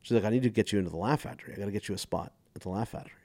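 Low-voiced man telling stories, dry sound. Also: very fast, dry recording. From United States. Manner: animated storyteller acting out quotes. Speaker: guest comedian. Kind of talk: casual storytelling chat.

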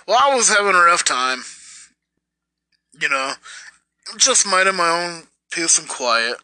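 Young man, rambling bitter rant, lively pitch, tense edge. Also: measured pace, dry recording, low-quality recording. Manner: bitter, rambling with many fillers. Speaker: vlogger. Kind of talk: ranting personal story.

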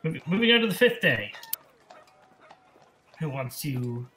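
A man's voice: on the high side, very animated, a little slow, sharp tone. A man narrating a tabletop game as game master, rambling and correcting himself with lots of fillers.

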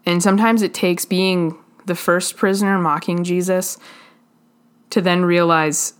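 Female preacher, earnest and halting sermon delivery, lower-pitched voice. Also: steady tone, clean tone.

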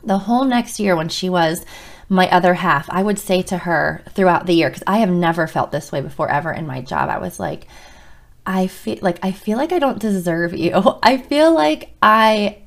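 A woman's voice: on the low side, lively intonation, normal speed. Heartfelt woman telling a personal story. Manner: emotional, heartfelt, many restarts. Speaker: school counselor and podcast host.

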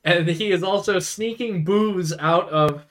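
A young man with a high voice takes his time recapping a movie scene by scene as co-host of a casual podcast, rambling with fillers and quoted lines. Crowd noise can be heard in the background.

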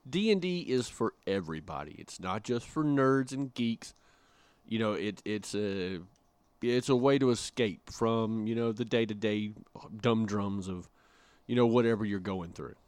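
A man with a fairly low voice co-hosts a podcast, chatting casually and cracking jokes. He talks loosely with plenty of filler words, and the recording is dry and close. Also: lively intonation, unhurried, darkish tone, smooth, dry recording. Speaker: podcast co-host.

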